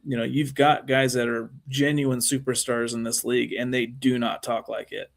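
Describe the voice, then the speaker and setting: A man's voice: medium pitch, level tone, moderate pace, vocal fry. A man co-hosting a casual sports talk show, rambling through his points with many fillers and restarts. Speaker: co-host.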